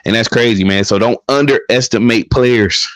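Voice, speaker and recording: A man hosting a casual sports chat with friends, telling profane, animated stories. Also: mid-range voice, moderate pace, dry recording. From Milwaukee, Wisconsin. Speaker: podcast host.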